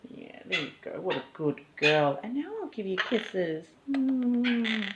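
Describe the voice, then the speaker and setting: A woman's voice: mid-range voice, lively intonation, slow pace, highs cut off. A woman filming a casual home vlog, chatting and cooing baby talk to her pet birds. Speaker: pet bird owner vlogger. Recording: loud background noise, clicks.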